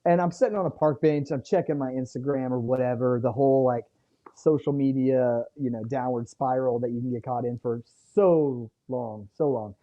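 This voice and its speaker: A man's voice: medium pitch, normal speed. A man appearing as a guest author, telling a personal story in an earnest, reflective way and chatting casually. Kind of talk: casual interview chat. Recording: dull lo-fi sound.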